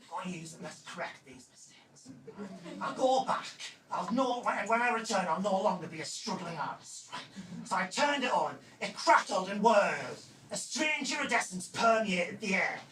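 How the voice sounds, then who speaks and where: A man in his forties performing a stand-up comedy set on a club stage, with a punchy delivery that often breaks into a shout. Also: high voice, very animated, normal speed, noisy background. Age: 40s. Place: comedy club stage before a live audience. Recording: echoey club room miked from a distance, loud crowd laughter.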